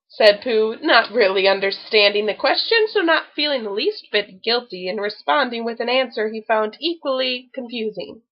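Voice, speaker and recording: A woman reading a children's story aloud with expressive storytelling. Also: fairly high pitch, unhurried, dull audio. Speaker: storybook reader.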